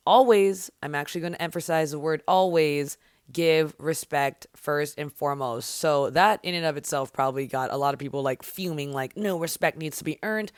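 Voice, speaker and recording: A woman's voice: low voice, clean tone, no echo, clean studio sound. A young adult woman hosting her own podcast, talking solo in an upbeat hype-woman way with casual swearing. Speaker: podcast host.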